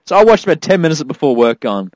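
A man's voice: a little high, sing-song, fast, no echo, poor audio. A man co-hosting a casual podcast, swearing a lot and laughing through mock-outraged rants. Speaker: podcast co-host. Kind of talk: casual chat.

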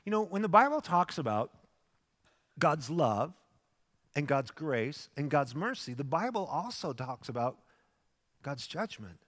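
A man's voice: on the high side, sing-song, a little slow, pauses often, fairly bright tone. A man preaching a sermon as pastor, telling the story animatedly and acting out its voices. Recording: long hall reverb.

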